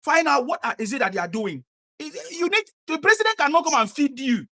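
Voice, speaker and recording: Fast, forceful woman interviewer. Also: sits high, very animated. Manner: lecturing, repetitive, forceful. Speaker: street interviewer. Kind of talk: heated street interview.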